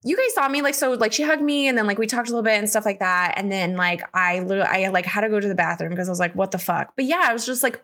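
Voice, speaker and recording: A woman's voice: medium pitch, rapid-fire, few pauses, a bit bright. A woman co-hosting a podcast, telling a personal story in an emotional, casual way, full of "like" and the odd swear word. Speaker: podcast co-host.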